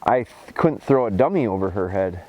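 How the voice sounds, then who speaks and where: Man explaining dog training outdoors. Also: moderate pace. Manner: calls dogs in a high excited voice, then explains calmly. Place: outdoors in snowy field.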